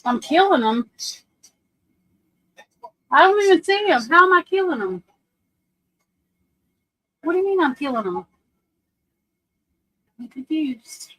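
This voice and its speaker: High-voiced woman chatting on a live stream. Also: sing-song, a little slow, long pauses, a bit bright, rough recording. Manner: rambling, laughs often, scolds her dog. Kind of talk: casual live-stream chat.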